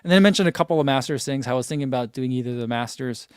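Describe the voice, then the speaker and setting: A man's voice: mid-range voice, racing, darkish tone, clear, resonant tone, dry recording, studio quality. A man in his forties hosting a casual live stream, reading viewer comments aloud and chatting with frequent laughs. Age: 40s. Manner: chatty, laughs often, reads chat aloud. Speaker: running channel host.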